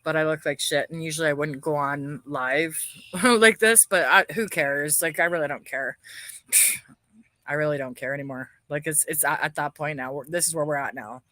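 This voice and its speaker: A woman's voice: deep voice, normal speed, sharp tone, dry recording. Bitter, swearing woman ranting on a livestream. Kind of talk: angry livestream rant.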